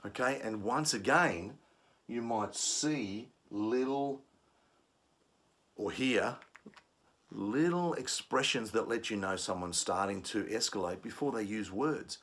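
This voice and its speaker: A man's voice: fairly low pitch, takes it slowly, fairly bright tone. A man giving a conflict management lesson, explaining steps and acting out angry commuters. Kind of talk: instructional talk.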